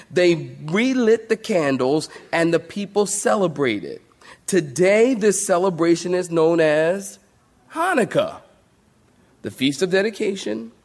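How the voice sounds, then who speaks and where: A male pastor preaching a sermon to a congregation, emphatic, calling out to the saints for responses. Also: a little high.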